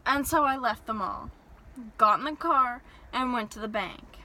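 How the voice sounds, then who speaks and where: A young woman telling an animated, exasperated story-time rant from her parked car. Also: on the high side, measured pace, low-quality recording. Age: young adult. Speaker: vlogger.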